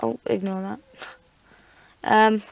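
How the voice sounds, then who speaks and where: A woman's voice: mid-range voice, flat delivery, takes it slowly, gravelly, slight background noise. A woman giving casual, playful gameplay commentary, chatty and self-mocking as she plays. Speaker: gamer. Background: faint background music.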